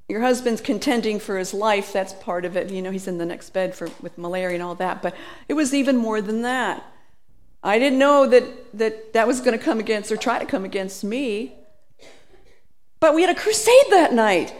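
A middle-aged woman preaching a sermon, telling stories in an animated way and laughing between phrases. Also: fairly high pitch, moderate pace.

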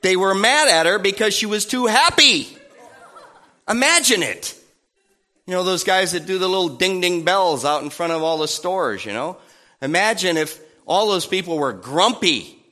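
A man preaching a sermon in a playful, animated way, acting out little voices and sounds. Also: high voice, normal speed.

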